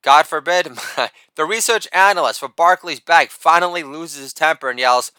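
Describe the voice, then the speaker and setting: A man's voice: fairly high pitch, moderate pace, clear, resonant tone, no room sound. A middle-aged man reading his own satirical rant in a profane, sardonic way. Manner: profane and sardonic, with a shouted catchphrase.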